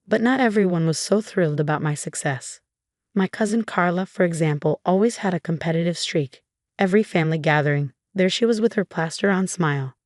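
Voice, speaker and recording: A young adult woman narrating a scripted first-person story in an even, conversational way. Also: fairly low pitch, a little fast, no echo, studio quality.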